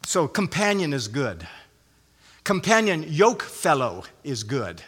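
Emphatic high-voiced man preaching in a hall. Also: huge pitch swings, slow, fairly bright tone, slightly rough. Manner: emphatic, repeats phrases, many restarts. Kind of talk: sermon. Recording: long hall reverb.

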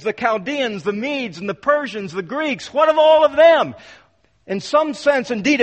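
Emphatic high-voiced preacher, hall reverb. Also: male voice. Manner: emphatic, rhetorical questions, acts out quoted voices. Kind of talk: expository sermon.

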